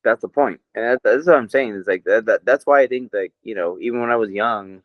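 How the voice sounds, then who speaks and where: A man's voice: on the low side, brisk, no room sound. Rambling, profane American man, lo-fi. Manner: profane, rambling, laughs often. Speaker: podcast co-host. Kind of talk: casual chat.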